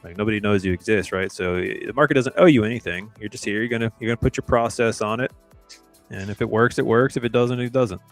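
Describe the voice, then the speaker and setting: Low-voiced, laid-back trader. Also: male voice, soft background music. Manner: laid-back, repeats himself, drawn-out phrasing. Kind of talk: casual live-stream chat.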